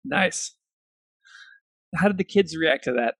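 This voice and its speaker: A man's voice: a little high, expressive, slow pace, vocal fry, a bit bright, husky, no room sound. A man hosting a podcast, asking questions casually, with lots of "like" and "kinda", and encouraging his guest. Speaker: podcast host. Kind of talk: podcast interview.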